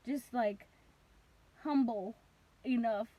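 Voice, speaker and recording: A young woman with a high voice tells her story in a casual vlog. She rambles, leans on "like" constantly, and bursts into loud reenacted cries now and then. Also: slow, no room sound, muffled recording. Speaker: vlogger.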